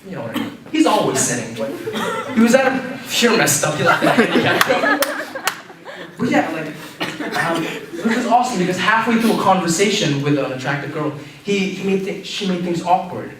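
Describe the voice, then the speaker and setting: Young male stand-up comic, high lively voice, rambling with fillers, echoey room, far camera, background noise. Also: moderate pace. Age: young adult. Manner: rambling, filler-heavy, laughs at own jokes. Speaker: stand-up comedian. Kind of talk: open mic stand-up set. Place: campus restaurant with audience.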